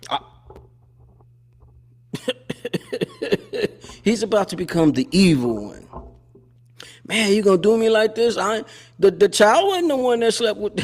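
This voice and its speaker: A man hosts a live show with a casual, animated commentary monologue, repeating phrases and laughing often. His voice sits high.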